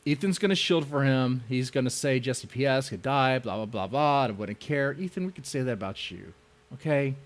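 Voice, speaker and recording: A man's voice: medium pitch, a little fast. A man hosting a live stream, mocking the people in a heated debate with sarcastic commentary. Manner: sarcastic, mock voices, lively swings in tone. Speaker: stream host reacting to a debate.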